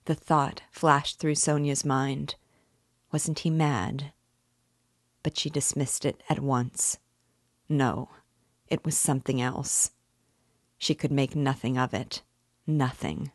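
A woman narrating a classic novel aloud in a measured, deliberate reading. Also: low voice, steady tone, no echo, studio quality. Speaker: reader and guide.

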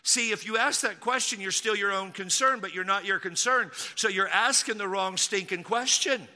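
Emphatic Texas-raised pastor, high and bright, big-hall reverb. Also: male voice, normal speed. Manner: emphatic, repeats key lines, mocking asides. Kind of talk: sermon.

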